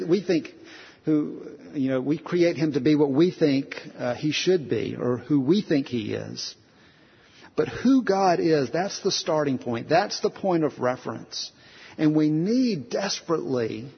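A man's voice: fairly high pitch, vocal fry, slightly rough. A male pastor preaching a conversational sermon, earnest, repeating phrases and restarting sentences, with many rhetorical questions. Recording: dull lo-fi sound with long hall reverb.

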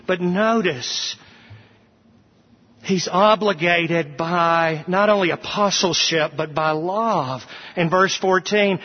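A man's voice: high voice, slow. A male pastor preaching an expository sermon in a church sanctuary, earnest and emphatic, repeating phrases for emphasis. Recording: dull recording with long hall reverb.

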